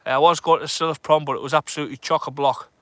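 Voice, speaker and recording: Chatty bright-voiced man on a night shore. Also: on the high side, flat delivery, very fast, no echo. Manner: chatty, nervous, jokey, reads out comments. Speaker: fishing vlogger streaming live. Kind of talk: casual live-stream chat to viewers. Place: outdoors on a dark shore at night. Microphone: phone or camera on a tripod.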